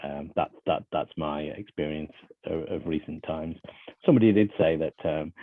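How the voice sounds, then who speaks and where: A man's voice: rumbling low, normal speed, dry recording. An Australian man in casual panel chat, talking hesitantly with many restarts. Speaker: club member on panel. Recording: tinny phone-like line.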